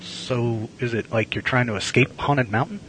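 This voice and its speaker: A man's voice: mid-range voice, moderate pace, fairly bright tone, a little hiss or hum, poor audio. A man co-hosting a casual podcast, teasing his friend in a dry, wry way and often restarting his sentences. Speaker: podcast co-host. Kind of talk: casual chat.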